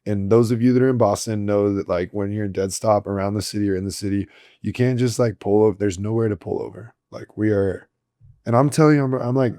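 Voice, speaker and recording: A man co-hosting a podcast, telling stories in a casual, animated, joking way. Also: lowish voice, a little fast, no room sound, clean studio sound. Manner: animated storyteller, joking and laughing. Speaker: podcast co-host. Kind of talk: casual chat.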